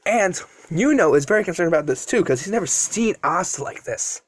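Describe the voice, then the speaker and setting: A man's voice: high voice, lively intonation, brisk. Rambling man telling a fan story. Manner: rambling, frequent self-corrections. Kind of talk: casual fan-fiction storytelling.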